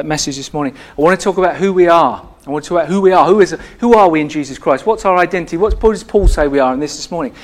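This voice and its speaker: A man preaching a sermon as the church's pastor, earnest and emphatic, repeating phrases and restarting his sentences. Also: on the high side.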